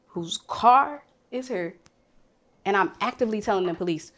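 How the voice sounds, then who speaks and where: A woman speaking candidly and emotionally in a panel conversation, swinging from hushed to loud. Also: medium pitch, lively intonation, moderate pace.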